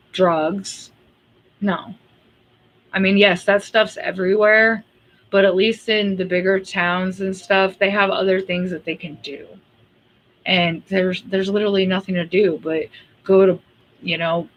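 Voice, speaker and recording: A woman's voice: fairly low pitch, slight background noise. A woman hosting a casual livestream, talking bluntly and ranting in an exasperated way, with frequent laughs. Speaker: livestream host.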